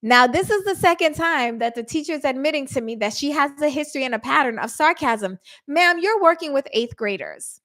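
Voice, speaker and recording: A middle-aged woman host telling a story casually to her listeners, animated and acting out quotes with shifts in her voice. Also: high-pitched, a little fast, few pauses. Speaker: podcast host.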